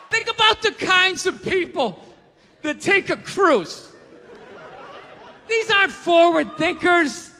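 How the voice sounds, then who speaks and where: High-pitched ranting stand-up comedian. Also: male voice, lively intonation, normal speed, a crowd in the background, background noise. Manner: loud, ranting, acts out voices. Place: comedy stage in a large venue. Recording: live hall with audience laughter.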